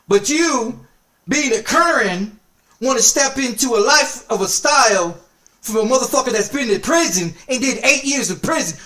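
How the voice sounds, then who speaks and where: A game streamer with a very high, pushed and bright voice launches into an angry, profane rant. He is heated, cursing repetitively and hurling repeated insults and threats.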